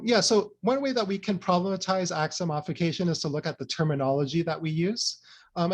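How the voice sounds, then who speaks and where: A man giving an academic presentation, earnest and loose, with many fillers and frequent "right?" checks. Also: a little high. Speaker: speaker presenting a talk.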